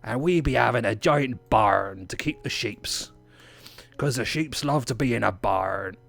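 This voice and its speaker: A man's voice: medium pitch, expressive, measured pace, gravelly, a bit bright, faint music behind, heavily acted. An English man voicing a hearty male pirate, boasting about his farm in rolling pirate talk. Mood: boastful.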